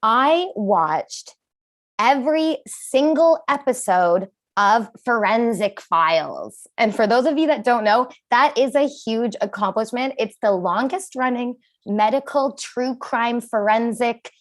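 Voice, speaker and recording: A woman doing a self-deprecating stand-up comedy set with animated punchlines. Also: on the high side, slow pace.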